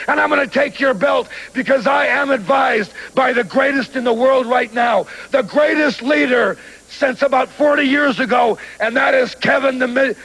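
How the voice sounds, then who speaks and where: A man cutting a shouted, menacing wrestling promo, ranting and boasting. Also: extremely high pitch, vocal fry, husky, low-quality recording. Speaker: pro wrestler.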